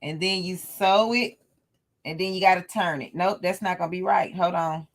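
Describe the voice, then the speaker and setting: With a fairly low pitch and fairly even intonation, this woman talks at normal speed. She's a sewing tutorial host running a casual livestream lesson, chatty and quick to laugh with her live chat.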